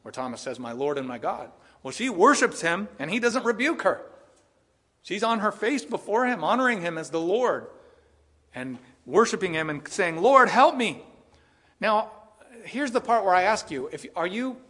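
A man's voice: high voice, sing-song, moderate pace, fairly bright tone, breathy edge. A man preaching an expository sermon, earnest and full of questions for his listeners. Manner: earnest, asks the audience rhetorical questions. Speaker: pastor.

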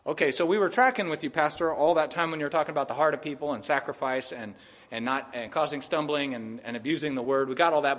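A man preaching a sermon as pastor, animated, laughing as he acts out the people's protests and God's replies. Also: fairly high pitch, fast. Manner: animated preaching, laughing at the text, acting out voices of people and God. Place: church sanctuary. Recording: long hall reverb.

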